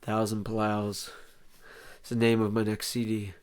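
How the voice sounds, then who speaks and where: A man with a hoarse voice hosting a comedic talk show, rambling sarcastically and clearing his throat often. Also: on the low side, quick pace. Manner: sarcastic, rambling, deadpan jokes with mock outbursts. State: hoarse, lost voice. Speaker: host.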